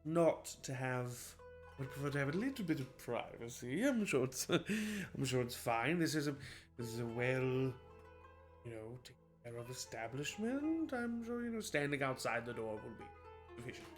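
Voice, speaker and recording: A man's voice: mid-range voice, big pitch swings, normal speed, soft background music, natural voice. A man voicing a prim, refined nobleman who asks politely for privacy. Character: fussy, polite young nobleman client.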